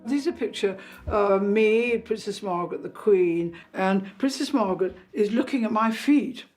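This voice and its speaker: An elderly woman, reminiscing in an interview with chatty anecdotes and soft hesitations. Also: medium pitch, normal speed, faint music behind. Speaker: interviewee recalling royal life.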